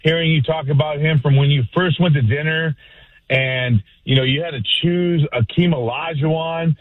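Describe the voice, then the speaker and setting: A man's voice: on the high side, fairly even intonation, normal speed. A man calling in to a sports radio show over the phone, rambling and enthusiastic, full of slang. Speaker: caller. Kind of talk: casual call-in. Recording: tinny phone line.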